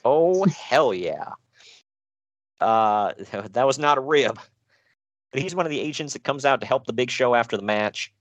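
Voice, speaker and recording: Animated laughing man recapping wrestling. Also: measured pace, long pauses, no echo, lo-fi sound. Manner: animated, laughing, swearing, jumps in pitch. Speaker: podcast co-host recapping wrestling shows. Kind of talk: casual chat.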